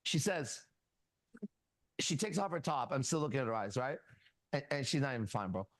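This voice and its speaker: A man hosting a casual talk show, coaching a younger man bluntly and profanely and telling animated stories with quoted dialogue. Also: mid-range voice, normal speed, no echo. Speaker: host. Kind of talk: casual advice talk and storytelling.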